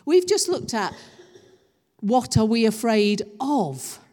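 A woman preaching a sermon, slow and emphatic, drawing the congregation in with questions. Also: a little high, sing-song, a little mellow. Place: church hall. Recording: long reverb of a church hall.

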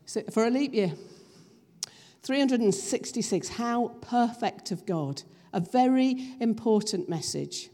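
A woman preaching a sermon, slow and emphatic, drawing the congregation in with questions. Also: fairly high pitch, expressive, mellow. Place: church hall. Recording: long reverb of a church hall.

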